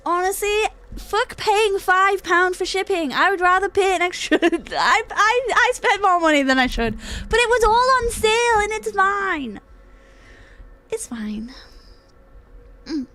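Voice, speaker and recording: Bright, high-voiced woman streamer. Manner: chatty and joking, with mock-dramatic whining and frequent laughs; swears casually. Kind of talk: casual live-stream chat.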